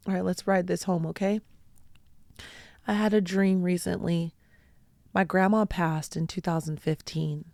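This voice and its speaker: Gravelly, earnest woman host. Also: fairly low pitch, fairly even intonation, darkish tone, dry recording. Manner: earnest, heartfelt, slow deliberate phrasing. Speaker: podcast host. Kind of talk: personal storytelling talk.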